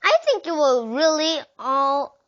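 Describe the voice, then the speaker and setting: Brief: woman voicing a patient but firm teacher in a storybook, high voice. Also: expressive, takes it slowly, fairly bright tone, full character voice. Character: patient female schoolteacher, firm but kind. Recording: dull lo-fi recording.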